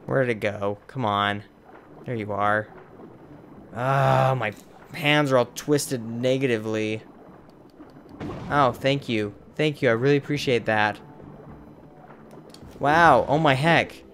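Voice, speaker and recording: Slow-talking man grumbling through gameplay. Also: mid-range voice, a bit bright, slight background noise. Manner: grumbling, exasperated, mild minced oaths. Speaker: let's play host. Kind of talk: casual gameplay commentary.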